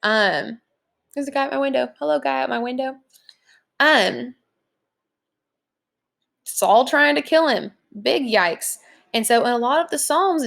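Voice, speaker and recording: Young woman teacher recording a lesson at home, super casual, lots of ums and likes, slightly high voice. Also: animated, unhurried, creaky, pauses often, a bit bright. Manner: chatty, lots of fillers, informal slang. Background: leaf blower outside.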